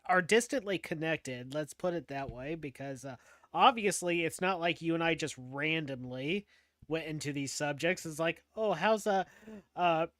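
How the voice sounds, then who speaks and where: A man with a fairly high voice hosts a relaxed podcast conversation. He talks loosely, restarts his sentences and laughs a lot. The recording is dry and close, with almost no room sound. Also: moderate pace, no echo. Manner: chatty, laughs often, many fillers and restarts. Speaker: podcast host. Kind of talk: casual podcast chat.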